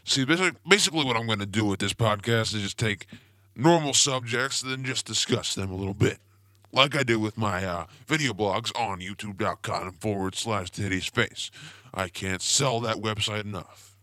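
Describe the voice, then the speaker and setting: A man's voice: fairly low pitch, normal speed, pushed and bright, dry recording, studio quality. A young man hosting a podcast, telling rambling goofy stories in a casual comedic monologue. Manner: rambling, goofy, self-promoting storyteller. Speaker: podcast host.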